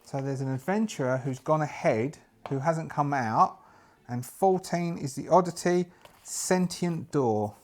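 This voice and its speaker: A man's voice: on the high side, a little slow. A man narrating a solo tabletop game, thinking aloud and restarting often as he rolls dice. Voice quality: thinks aloud while rolling dice, stop-start restarts. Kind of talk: casual solo actual-play narration.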